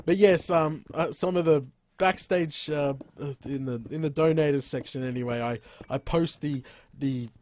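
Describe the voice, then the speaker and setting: An Australian man chatting on a casual gaming live stream at home, rambling, laughing often and exclaiming "crikey" into a boom arm microphone. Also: normal speed, darkish tone. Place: room at home.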